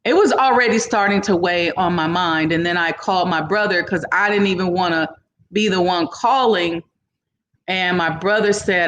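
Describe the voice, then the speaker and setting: Lively woman telling a story. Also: lowish voice, moderate pace, a little hiss or hum. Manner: animated, acts out other people's lines in the story; casual, informal phrasing. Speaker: entrepreneur guest. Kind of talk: casual storytelling in an interview.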